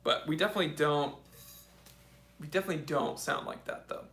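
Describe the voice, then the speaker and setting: A man's voice: fairly high pitch, fairly quick, a bit bright, roomy sound. An American man hosting a live Q&A stream, casual and joking as he reads viewer comments aloud. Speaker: host.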